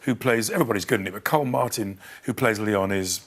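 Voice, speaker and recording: A man's voice: lowish voice, fast talker, fairly bright tone. An older man, a guest on a chat show, telling a story with enthusiasm and frequent restarts. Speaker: guest actor and producer. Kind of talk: casual studio chat.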